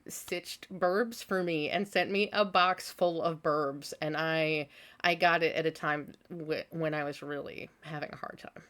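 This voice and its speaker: A woman hosting a casual craft vlog from home, tired after a workday, rambling along with lots of ums and easy laughs. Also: deep voice. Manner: rambling, filler-heavy, quick to laugh. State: tired after a work day. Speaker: craft vlogger host.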